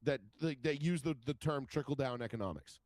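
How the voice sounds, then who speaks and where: A man co-hosting a casual podcast chat, talking in an animated, profane, rambling way. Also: medium pitch, fairly quick, dry recording. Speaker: podcast co-host.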